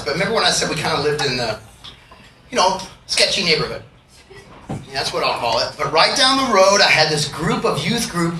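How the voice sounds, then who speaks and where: Between songs, a man tells profane, joking stories to a concert crowd and acts out the people in them, his voice fairly high, bright, and forceful. It's a roomy, distant live recording with crowd noise.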